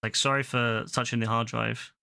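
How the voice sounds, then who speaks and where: A man streaming a game live, chatting to his viewers in an excitable, slangy way and swearing casually. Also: medium pitch, normal speed, creaky, clear, resonant tone.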